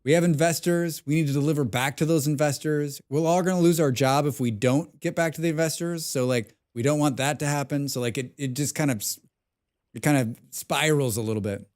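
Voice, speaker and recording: A man's voice: fairly high pitch, brisk, a little mellow. Rambling man chatting on a game stream. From abroad, lives outside his birth country. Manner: rambling, thinking aloud with many restarts; blunt, swears casually. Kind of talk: casual live-stream chat while gaming.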